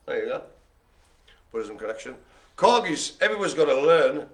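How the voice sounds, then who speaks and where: A man's voice: a little high, sing-song, moderate pace. A man hosting a live online bingo game, jokey and teasing as he rambles through dog trivia. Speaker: bingo host.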